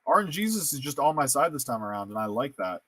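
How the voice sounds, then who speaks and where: A man's voice: mid-range voice, very animated, quick pace, fairly bright tone. Playful man thinking aloud over gameplay. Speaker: gameplay streamer. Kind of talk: casual let's-play commentary.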